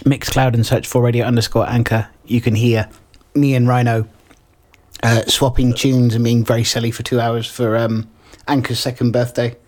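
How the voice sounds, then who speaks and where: A man's voice: medium pitch, little pitch movement, moderate pace. A young man hosting an internet radio show, chatting casually, greeting listeners and often restarting his sentences. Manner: chatty, hesitant, with restarts and shout-outs to listeners. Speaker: radio host.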